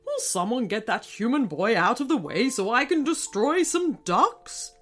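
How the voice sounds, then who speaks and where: A woman's voice: fairly high pitch, sing-song, measured pace, fairly bright tone, heavily acted. A woman voicing a hot-tempered male bread king who shrieks and snarls in a storybook. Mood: angry.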